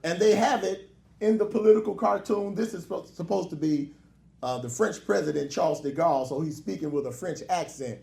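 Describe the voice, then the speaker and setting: A man's voice: high-pitched, a little fast, vocal fry, darkish tone. A man, a minister, preaching a lecture-style sermon with joking asides and call-and-response. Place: hall with a live congregation. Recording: echoey hall.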